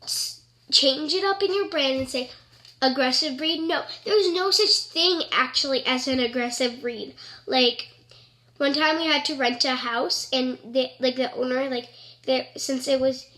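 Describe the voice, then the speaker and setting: A woman with a high, bright, ringing voice talks straight to camera in a loose, rambling vlog style. She fills her sentences with "like" and sounds earnest about every point. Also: steady tone, measured pace. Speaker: vlogger. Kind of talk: casual chat to camera.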